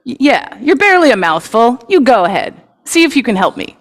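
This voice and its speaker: A woman's voice: on the high side, sing-song, a little fast, big-room sound. A woman voicing a proud, dismissive male lion in a story for all ages. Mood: scoffing. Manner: dismissive, offhand. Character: scoffing proud male lion, king of the jungle.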